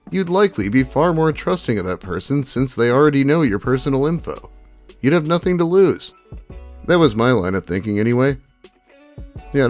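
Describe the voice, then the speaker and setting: Male host, reads posts with lively pitch, dry sarcastic commentary, faint music underneath. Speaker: YouTube host reading Reddit posts. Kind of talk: reading posts aloud with commentary.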